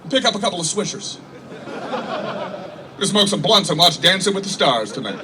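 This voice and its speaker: Guy in his 30s rambling through a stand-up set, kinda high voice, sounds far off with noisy outdoor base ambience. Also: very animated, normal speed. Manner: rambling storytelling, acts out voices, frequent swearing. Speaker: comedian. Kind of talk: stand-up comedy for troops. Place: outdoor military base show. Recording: far-off mic, noisy open-air ambience.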